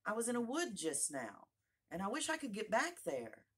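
A woman's voice: mid-range voice, huge pitch swings, moderate pace, slightly rough, voice pushed up. Alice, a woman playing a prim young girl. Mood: impatient. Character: proper, impatient little girl, polite and curious.

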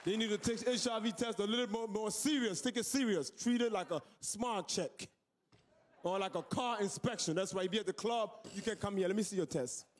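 A man performing a loud, profane stand-up comedy set on a club stage. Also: sits high, a little fast, some chatter behind. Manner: loud, profane, shouting punchlines.

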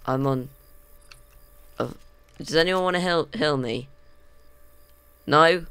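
A man narrating a let's play, excitable and panicky, with self-mocking jokes, on a desk condenser mic at home. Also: fairly high pitch, slow, creaky, clean tone, dry recording. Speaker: gaming video host.

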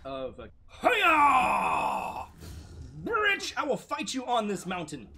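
A man casually chatting and commentating while playing a video game, loud and playful, bursting into shouts. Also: extremely high pitch, wildly swooping pitch, takes it slowly, gravelly, a little hiss or hum. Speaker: gameplay commentator. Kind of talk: casual gaming chat.

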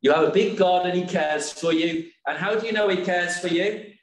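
A man preaching a sermon in a church, slow and emphatic, often asking rhetorical questions. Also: sits high. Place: church hall. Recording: echoey church hall.

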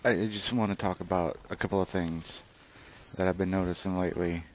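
A man's voice: sits low, steady tone, fairly quick, slight background noise. A man casually commenting over gameplay footage, rambling and swearing freely, with lots of fillers and restarts. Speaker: gaming channel host.

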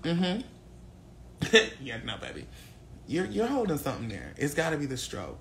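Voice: medium pitch, wildly swooping pitch, normal speed, vocal fry, background noise. A livestream host in their twenties from St. Louis, chatting in a brash, crude, teasing way. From St. Louis, USA. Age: 20s. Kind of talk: casual live-stream chat.

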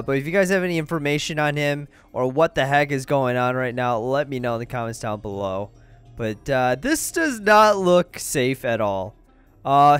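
A young man giving excitable let's-play commentary, breaking into panicky shouts and yelps as he plays. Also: on the high side, clean tone, no room sound. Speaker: gaming YouTuber.

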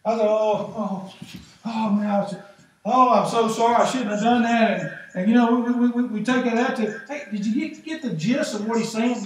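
A middle-aged man, preaching a sermon as pastor in a folksy, animated way, acting out the voices he quotes. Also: very high voice. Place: church sanctuary. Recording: echoey church from far off, faint noise.

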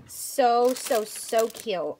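A woman with a fairly high voice talks slowly and warmly through a casual unboxing vlog, gushing over each item. She sounds excited and chatty, recorded at home on a camera mic with faint noise behind her. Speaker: vlogger.

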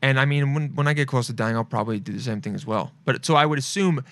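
A man hosting a podcast, asking questions and musing slowly, with many fillers and restarts. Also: medium pitch, a bit bright, no echo. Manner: reflective, hesitant, many fillers and asides. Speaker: podcast host. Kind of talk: casual podcast interview.

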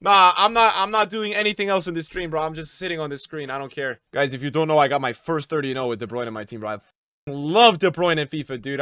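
A young adult man streaming live, opening packs and talking to his chat, often shouting with excitement. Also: on the high side, clean tone, no room sound, studio quality.

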